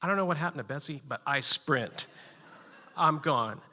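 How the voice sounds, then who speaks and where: A man telling a personal story live at a story slam, animated and building suspense with short, punchy sentences. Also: on the high side, normal speed, big-room sound.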